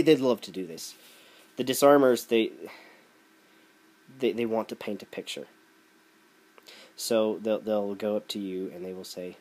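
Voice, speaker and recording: A man's voice: mid-range voice, darkish tone. A man delivering a sarcastic, ranting opinion commentary. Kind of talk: opinion rant video.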